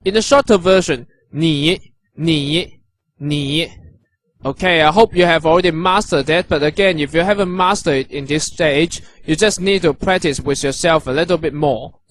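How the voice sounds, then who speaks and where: A man teaching characters and their pronunciation, patient and encouraging, repeating each sound slowly. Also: a little high. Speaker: language teacher. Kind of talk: instructional narration.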